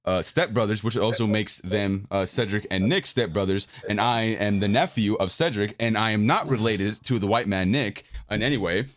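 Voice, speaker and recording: A man's voice: lowish voice, normal speed, few pauses, fairly bright tone. A young man co-hosting a casual podcast chat, laid-back and jokey, steering the conversation. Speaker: podcast co-host.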